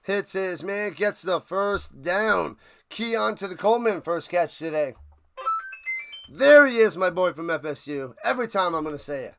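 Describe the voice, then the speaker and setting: A man's voice: high-pitched, moderate pace, vocal fry, slight background noise. Chatty man calling livestream play-by-play. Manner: chatty, jokey, excitable asides. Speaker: watch party host.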